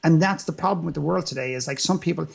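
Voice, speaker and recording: Guy with a raspy gravelly voice, fairly high, motivational talk, asks himself questions and repeats for emphasis. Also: quick pace. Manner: emphatic, rhetorical questions, repetition. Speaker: interview guest, speaker. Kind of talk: motivational conversation.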